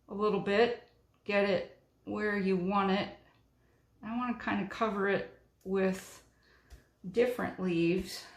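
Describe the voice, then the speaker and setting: A woman's voice: medium pitch, fairly bright tone. A middle-aged woman chatting through a card-making tutorial, talking her way through each step with frequent ums. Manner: chatty, narrates while working, many ums. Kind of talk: crafting tutorial chat. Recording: echoey room.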